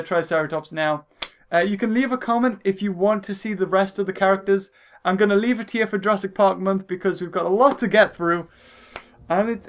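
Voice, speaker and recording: A young man giving excitable let's play commentary, yelling and swearing at the game over its music. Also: sits high. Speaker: gaming channel host. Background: video game music.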